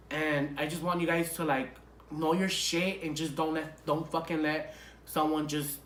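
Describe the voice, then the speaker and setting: Young male vlogger, casual and profane story time, sharp bright tone, roomy echo. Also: a little high, slight background noise. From Los Angeles area.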